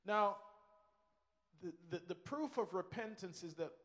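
A man's voice: high voice, expressive, unhurried, a bit bright, long reverb tail. A man preaching a sermon with emphasis. He repeats key phrases and acts out the voices he quotes.

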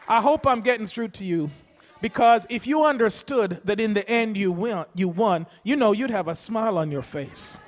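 Male preacher with a very high voice, rousing and emphatic, in a reverberant church. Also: expressive, normal speed. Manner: rousing, repetitive call-and-response preaching. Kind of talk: sermon.

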